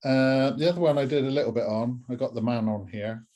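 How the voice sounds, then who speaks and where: A Southwest English man chats in a mellow, warm register. His delivery is dry and understated, like someone winding down in the evening. He sounds relaxed among friends. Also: medium pitch, brisk. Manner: dry, understated, tired after a workday. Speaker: co-host. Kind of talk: casual chat showing finished stitching.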